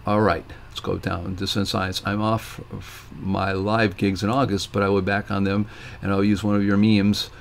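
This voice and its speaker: A man's voice: moderate pace, vocal fry, slight background noise. A middle-aged man from Ohio hosting a casual live question-and-answer stream, rambling with restarts and telling stories in which he acts out the other voices. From Ohio, USA. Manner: animated storyteller, acts out quoted voices with big pitch jumps; rambling with frequent restarts and fillers.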